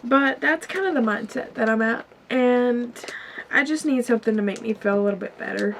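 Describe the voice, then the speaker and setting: Faint music and slight background noise surround a twenties vlogger talking to the camera in an indoor store aisle. Her voice sits on the high side with vocal fry, and she speaks briskly in a casual, confiding, emotional way.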